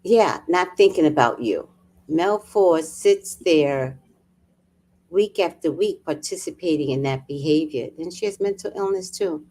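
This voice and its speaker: A woman's voice: deep voice, lively intonation, measured pace, warm tone. A woman hosting a casual livestream, chatting with viewers, laughing often and greeting people by name. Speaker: livestream host.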